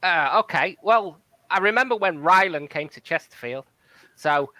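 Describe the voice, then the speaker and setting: Bright-voiced man chatting on a panel. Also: high-pitched, lively intonation, normal speed, dry recording, rough recording. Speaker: panel guest. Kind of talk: casual comedy chat.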